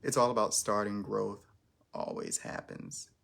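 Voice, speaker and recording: A man's voice: on the low side, wildly swooping pitch, measured pace, gravelly, fairly bright tone. A man hosting his first live stream, chatting casually in a rambling, self-conscious way with lots of restarts.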